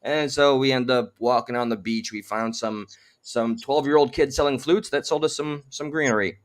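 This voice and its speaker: A man's voice: medium pitch, moderate pace. A man hosting a casual chat from his home, wordy and slightly formal in his phrasing. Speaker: host.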